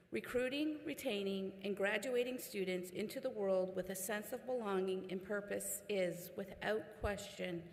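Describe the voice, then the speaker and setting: A woman presenter reading a formal introduction at a ceremony. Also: medium pitch. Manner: reads prepared remarks, laughs off a slip. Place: large indoor ceremony hall. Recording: long reverb of a large ceremony hall.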